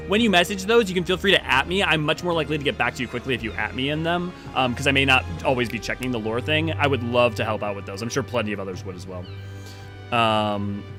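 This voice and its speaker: A game live streamer with a mid-range, bright, forceful voice chats casually with viewers. He rambles to chat while organizing a party for the group.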